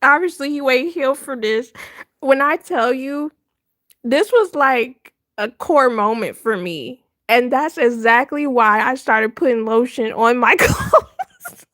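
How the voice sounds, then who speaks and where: A woman hosting a livestream, telling a story in casual chat, animated and laughing often with dramatic retelling. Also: a little high, takes it slowly, dry recording, clean studio sound. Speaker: livestream host.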